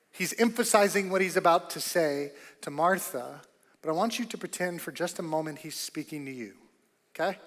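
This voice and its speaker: Pastor, man, high-pitched, emphatic sermon delivery, long church-hall reverb. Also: moderate pace. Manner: emphatic, rising to loud bursts, repeats key phrases. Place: church auditorium.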